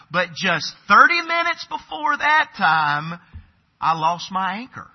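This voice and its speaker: A man's voice: sits high, sing-song, takes it slowly, highs cut off. A middle-aged man, preaching a sermon and telling a personal story in a folksy way, calling his listeners folks. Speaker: pastor.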